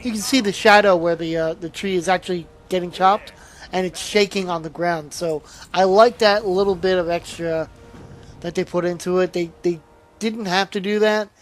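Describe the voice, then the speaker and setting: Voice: mid-range voice, fairly even intonation, moderate pace, slight background noise. Tired, rambling gameplay commentator. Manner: rambling, with frequent restarts and trailing asides. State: tired, yawning. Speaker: channel host.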